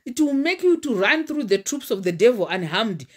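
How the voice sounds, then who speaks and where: A woman's voice: on the high side, sing-song, normal speed, husky. Lady preaching, fervent declarations, voice jumps all over the place. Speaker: preacher and relationship coach. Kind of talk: livestream sermon with personal testimony.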